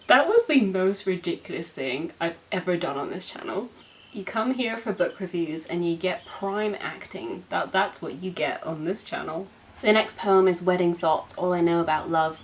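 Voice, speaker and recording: A young woman hosting a book channel, reading poems aloud in an expressive, self-mocking way. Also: on the low side, slight background noise, rough recording. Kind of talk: poetry reading.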